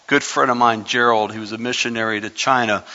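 A man's voice: medium pitch, fairly even intonation, bright, forceful tone. A man preaching a sermon as pastor of his church, climbing in intensity and shifting pace for emphasis. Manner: preaching with rising intensity, speeding up and slowing down for emphasis. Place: church sanctuary. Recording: muffled recording with long hall reverb.

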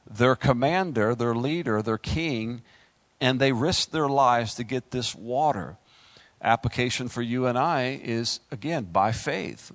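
Male pastor mid-sermon, lively and punchy, middle pitch, recorded dry. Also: unhurried, no echo. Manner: animated preaching, rising to high exclaims.

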